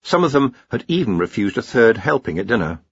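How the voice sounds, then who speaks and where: A man narrating an audiobook in a dry, even storytelling manner. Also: fairly low pitch, fairly quick, husky, no room sound. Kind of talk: scripted narration. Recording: dry, slightly dull studio read.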